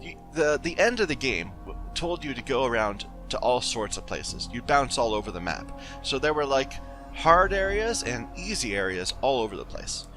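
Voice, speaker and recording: A man's voice: medium pitch, very animated, moderate pace, fairly bright tone. A man giving casual gameplay commentary as he plays, rambling and searching for words. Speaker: gaming video host. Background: game music and audio.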